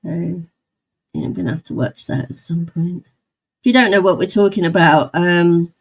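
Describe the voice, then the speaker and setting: A woman's voice: fairly low pitch, lively intonation, moderate pace, low-quality recording. Chatty woman streamer. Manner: chatty, answers viewers' comments. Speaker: livestreamer. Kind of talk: casual chat.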